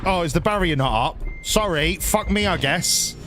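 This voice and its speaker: A man's voice: fairly high pitch, animated, moderate pace, over music. A man chatting casually while streaming a driving game, rambling and swearing freely. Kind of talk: casual live-stream chat.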